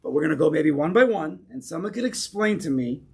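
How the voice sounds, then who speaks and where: A man with an American accent, a rabbi leading an interactive Torah class for a small group, animated and full of questions. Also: fairly high pitch, slightly rough. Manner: animated, questioning, keeps pausing listeners. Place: synagogue room with a small group.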